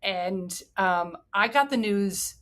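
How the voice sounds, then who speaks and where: An excited woman in middle age hosts a sports podcast on her own. She talks eagerly and goes off on heartfelt tangents, her voice pitched right in the middle. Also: takes it slowly. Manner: enthusiastic, digressive, emotional. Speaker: podcast host. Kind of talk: solo sports podcast talk.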